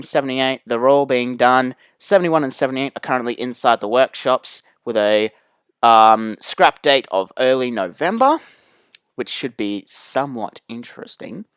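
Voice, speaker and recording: A man's voice: mid-range voice, fairly bright tone, clean tone, no room sound. A man with an Australian accent hosts a rail enthusiast vlog, narrating with energy and repeating key phrases for emphasis. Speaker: rail enthusiast channel host.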